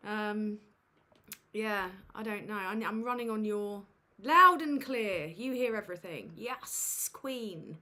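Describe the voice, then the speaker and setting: Her voice on the high side with a sharp tone, a woman runs a casual home livestream on a USB desk mic. She's flustered and pokes fun at herself, peppering her talk with fillers and offhand swearing.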